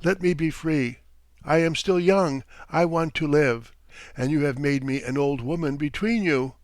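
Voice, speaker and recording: A man's voice: fairly high pitch, unhurried, no room sound, close to an everyday voice. A man reading an audiobook, voicing a timid, alarmed middle-aged mother who soothes and then breaks into tears. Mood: anguished. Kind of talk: audiobook character voice.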